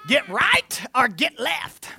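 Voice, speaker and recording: A preacher giving an animated sermon, telling stories with humor and sometimes slipping into mock voices. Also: high-pitched, slow, vocal fry, husky.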